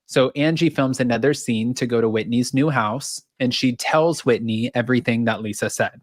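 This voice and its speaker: A woman's voice: rumbling low, moderate pace, no echo, clean studio sound. A woman co-hosting a podcast, telling a reality show recap in casual chat and acting out what people said. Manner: animated storyteller who acts out the quotes. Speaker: podcast co-host.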